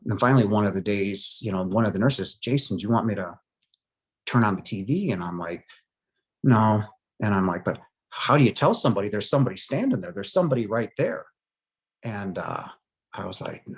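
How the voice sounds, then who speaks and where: Man, forties, lowish voice, earnest personal testimony, halting speech, hushed emotional stretches. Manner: earnest, halting, frequent "you know" and "um". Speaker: near-death experience survivor.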